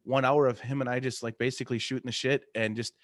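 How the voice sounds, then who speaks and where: A man's voice: mid-range voice, steady tone, fast talker, no echo. Man, casual interview guest, rambling, easy laughter, dry close-miked recording. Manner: rambling, many fillers and restarts, laughs often. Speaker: artist and podcast host, interview guest.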